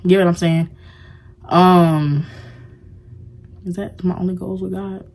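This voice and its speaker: A young woman speaks to her camera in a loose, confessional vlog. Her voice sits low for a woman. She rambles warmly, circling back with filler words as she opens up. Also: fairly even intonation, unhurried. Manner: rambling and heartfelt, heavy use of "like". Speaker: vlogger. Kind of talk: casual confessional vlog talk.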